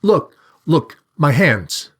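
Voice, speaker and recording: A man's voice: on the high side, sing-song, extremely slow, slightly rough, pitched above the performer's own voice, heavily acted. A man voicing a frightened young male student who pleads his innocence in a story reading. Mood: pleading. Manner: urgent, pleading.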